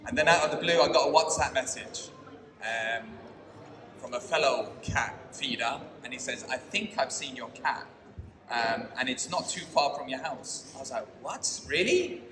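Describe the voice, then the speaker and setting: A man's voice: mid-range voice, moderate pace, crowd noise. Man telling a story in an echoey hall. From London. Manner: animated, acting out his own thoughts in quotes. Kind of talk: live personal storytelling. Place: stage at a live storytelling night. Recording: echoey hall, mic far off, noisy.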